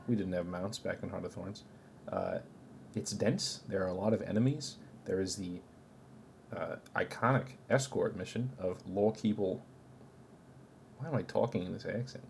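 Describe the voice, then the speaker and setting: A gaming video creator ranks a game's locations in a tier list, offering casual commentary that is blunt, opinionated and full of swearing. His voice is deep and a little mellow with vocal fry, over a slight hiss or hum.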